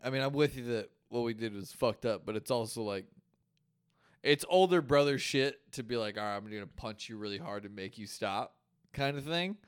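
A man co-hosts a casual chat at a medium pitch. He reacts in a laid-back, slangy way, calls his friend "bro" and "dog", and laughs easily. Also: animated, moderate pace, smooth. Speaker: podcast co-host.

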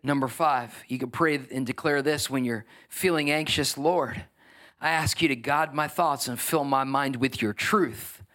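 A man preaching a sermon, building to emphatic, energetic exhortation. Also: medium pitch, a little slow. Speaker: pastor.

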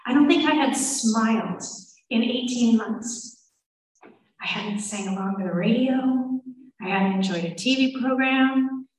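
A woman's voice: fairly high pitch, darkish tone, distant mic. Emotional woman telling her story in a roomy hall. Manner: emotional, quoting others in changing voices. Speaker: speaker sharing a recovery story. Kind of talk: personal testimony to an audience.

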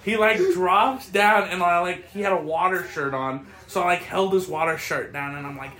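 A man's voice: high voice, a little fast, few pauses, echoey room. A man telling stories in a casual chat, profane and laughing as he goes. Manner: profane, laughing, animated storytelling. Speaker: podcast host.

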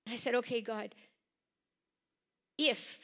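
A woman speaks slowly and earnestly in a high, bright voice. She gives a church testimony and poses reflective questions to the listeners. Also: fairly even intonation. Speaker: guest speaker.

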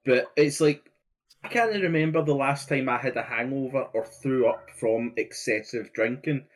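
A man's voice: medium pitch, normal speed. Laid-back Scottish man in his thirties. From Scotland. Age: 30s. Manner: laid-back, rambling, swears casually. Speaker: podcast co-host. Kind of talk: casual chat.

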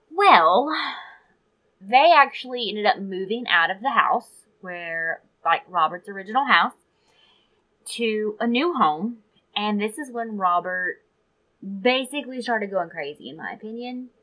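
A woman's voice: medium pitch, animated, a little slow, sharp tone, rough recording. A woman co-hosting a podcast, retelling a story from her research in casual chat with asides. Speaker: podcast co-host.

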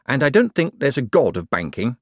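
A man reading an audiobook and voicing a quick-witted young male con man turned banker in a dry, wry manner. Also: medium pitch, wildly swooping pitch, no room sound, voice pushed up.

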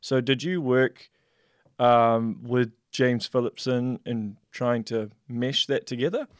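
A man hosting an interview, asking questions in a relaxed way and agreeing briefly. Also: mid-range voice, slow, no room sound, studio quality. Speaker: podcast host.

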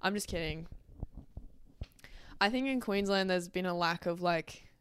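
A woman's voice: on the low side, measured pace, a little hiss or hum. A young Australian woman hosting her own podcast in casual, rambling solo chat, swearing freely and wandering into asides. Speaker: podcast host.

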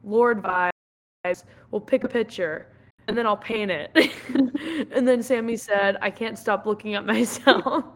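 A woman's voice: on the high side, moderate pace, a bit bright. A young woman co-hosting a podcast, telling rambling stories in casual chat and giggling often. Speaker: podcast co-host.

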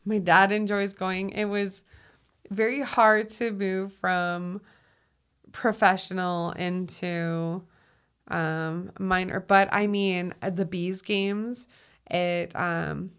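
A woman with a Minnesotan accent speaks slowly and reflectively, taking her time over each thought. She laughs easily between her words, and her pitch sits in an ordinary middle range. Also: little pitch movement, clear, resonant tone. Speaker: guest, 911 call taker and dispatcher. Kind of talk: casual conversation.

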